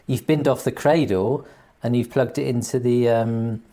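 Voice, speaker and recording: A man's voice: mid-range voice, steady tone, moderate pace, warm tone. Brief: British man, mid-range voice, easygoing and teasing in casual chat. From Britain. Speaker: podcast guest.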